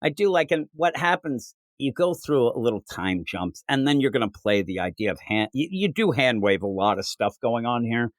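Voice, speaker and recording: A man co-hosting a casual comic book podcast, recapping stories in an animated way. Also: medium pitch, moderate pace, few pauses, no room sound. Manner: animated recapping, jumping into character voices. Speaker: podcast co-host.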